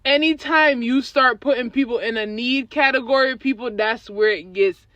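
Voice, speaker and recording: Emphatic, teasing podcast co-host, forceful tone, slightly lo-fi. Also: mid-range voice, moderate pace, no room sound. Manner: emphatic, teasing, many agreeing hums. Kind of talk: casual chat.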